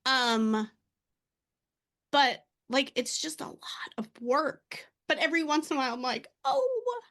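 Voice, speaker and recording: A woman's voice: sits high, a little slow. A woman in her thirties hosting a casual podcast, chatty and a little emotional as she talks. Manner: warm-hearted, emotional, chatty. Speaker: podcast host. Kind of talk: casual conversational interview.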